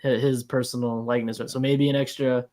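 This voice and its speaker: A man's voice: medium pitch, little pitch movement, brisk, warm tone. A man co-hosting a casual podcast chat, easygoing and teasing, thinking aloud as he talks. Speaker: podcast co-host.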